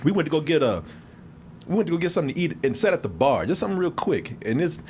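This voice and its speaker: A show host telling a story in a loose chat, with a high voice that leaps up and down as he goes. He laughs often and acts out what other people said. Ambience sits faintly behind him. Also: fast talker, a little hiss or hum. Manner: animated, laughing, acts out quotes.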